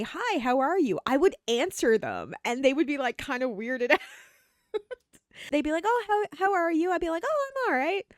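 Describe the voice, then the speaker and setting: A woman's voice: on the high side, darkish tone, dry recording, studio quality. A woman from Canada talking casually and animatedly, acting out the greetings she quotes. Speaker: host. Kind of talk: casual opinion talk.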